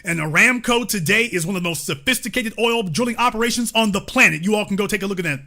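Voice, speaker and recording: A man's voice: high voice, pushed and bright. A man hosting a livestream commentary show, talking emphatically and profanely to his chat. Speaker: host.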